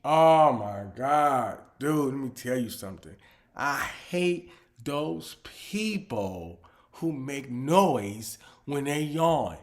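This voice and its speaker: Slow-talking man ranting comedically. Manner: animated ranting, swings from low mutters to loud outbursts. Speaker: comedian host. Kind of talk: comedic monologue.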